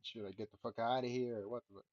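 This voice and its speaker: A man's voice: medium pitch, fairly even intonation, quick pace, a little mellow, dry recording. A man giving casual live commentary while streaming a game, laid-back and profane, sighing often. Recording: dull lo-fi stream mic.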